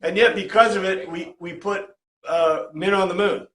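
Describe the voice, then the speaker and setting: Male teacher, slightly higher pitch, chatty lecture style, roomy echoey classroom sound. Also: fairly even intonation, normal speed, a bit bright. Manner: chatty, checks in with "right?".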